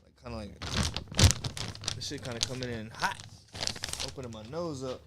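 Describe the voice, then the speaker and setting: A man's voice: mid-range voice, normal speed, very noisy. A young man chatting casually on a livestream, rambling and slangy with lots of swearing, greeting viewers as he goes. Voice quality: laid-back, rambling, slangy with frequent swearing. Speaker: streamer.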